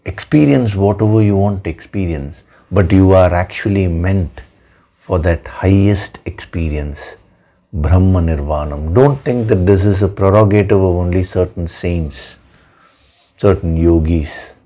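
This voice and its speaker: A man delivers a spiritual discourse with a very deep, low voice. He speaks slowly and deliberately, leaning on repeated words for emphasis. His tone stays dark and mellow throughout. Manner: slow, measured, emphatic with repetitions. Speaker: spiritual teacher.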